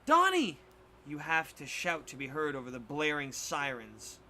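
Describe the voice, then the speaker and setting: A man reading a spooky choose-your-path book aloud with dramatic, expressive narration. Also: fairly high pitch, normal speed, a little hiss or hum. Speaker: storybook reader on a stream.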